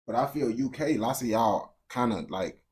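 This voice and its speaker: A man's voice: mid-range voice, animated, normal speed, darkish tone. Blunt young American man ranting to his chat. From United States. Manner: blunt, slangy, repeats words and restarts, keeps saying bro. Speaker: streamer talking to chat. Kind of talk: casual unscripted rant to viewers.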